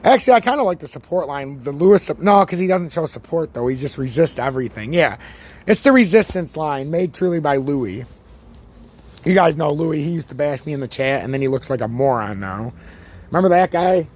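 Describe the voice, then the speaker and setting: A slightly high-voiced man with a worn-out voice rants through his crypto chart breakdown. He swears freely and leans on sports comparisons, talking in a loose, fired-up way. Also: fairly quick. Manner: ranting, swears freely, animated sports analogies. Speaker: crypto chart analyst, channel host. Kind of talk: casual profane market commentary.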